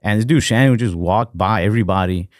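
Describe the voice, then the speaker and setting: Low-voiced man telling rambling profane stories. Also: quick pace, dry recording, clean studio sound. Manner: rambling, profane, animated anecdotes with voiced quotes. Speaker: podcast co-host. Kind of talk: casual storytelling chat.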